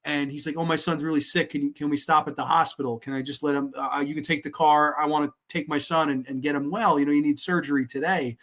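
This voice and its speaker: Rambling, profane film-review host. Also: male voice, a little high, fairly even intonation, fast, few pauses, fairly bright tone. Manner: rambling, profane, lots of fillers and restarts. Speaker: podcast host reviewing films. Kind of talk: casual solo film review.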